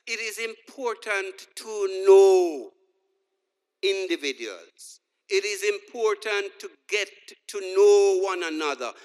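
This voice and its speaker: A man with a high, slightly bright voice preaches a sermon in a church hall, telling humorous stories and acting out the dialogue. The long reverb of the large hall surrounds his words.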